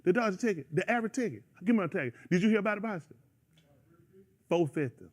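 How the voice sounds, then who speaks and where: High-voiced animated man ranting. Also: fast. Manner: animated rambling rant. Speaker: radio show host. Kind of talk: casual chat.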